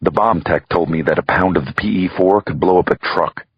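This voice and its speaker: Man, audiobook thriller narrator, raspy and low, dull lo-fi recording. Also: a little fast, no room sound. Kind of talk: first-person thriller narration.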